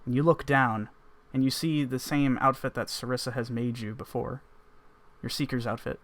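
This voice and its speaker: A man's voice: medium pitch, fairly even intonation, moderate pace. A man running a tabletop game as game master, narrating in a loose, rambling descriptive way.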